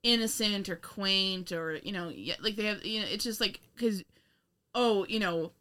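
A young woman reviews a film in loose, rambling chat, full of laughs, swearing and sarcastic asides. Her voice is bright and sits in a middle pitch. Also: normal speed. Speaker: podcast co-host.

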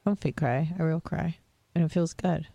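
A woman's voice: low voice, moderate pace, warm tone, no room sound. A woman co-hosting a radio show, teasing and joking in casual banter.

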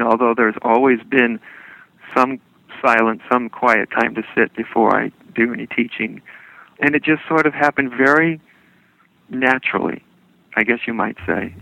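A man who works as a spiritual teacher recounts his path in a slow, wandering way, often restarting his sentences. His voice is gravelly yet bright, at an ordinary pitch for a man. The recording is dry and somewhat dull, like lo-fi audio. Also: no room sound. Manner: unhurried, meandering, with frequent restarts. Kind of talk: reflective storytelling interview.

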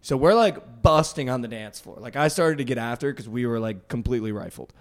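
A young man co-hosting a podcast, telling a story in casual chat, animated and full of "like" and "dude". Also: medium pitch, brisk. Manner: animated, heavy use of "like" and "dude", acts out quotes. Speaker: podcast co-host.

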